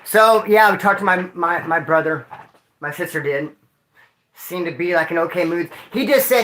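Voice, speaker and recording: In an echoey room, a man with a slightly high, pushed and bright voice talks at normal speed. He's a grieving livestream host chatting casually and emotionally in slang, referring to viewers as homeboy and dude.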